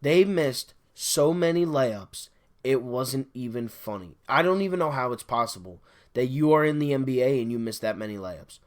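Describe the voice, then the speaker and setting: A man's voice: medium pitch, lively intonation, moderate pace. A man hosting a sports podcast, delivering an exasperated solo fan rant, repeating his complaints over and over. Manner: exasperated, repetitive ranting.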